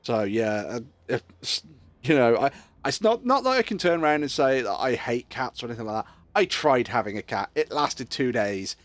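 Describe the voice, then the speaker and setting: A man's voice: medium pitch, big pitch swings, normal speed, dry recording. A man, chatting casually on a game live stream as a rambling storyteller who swears freely.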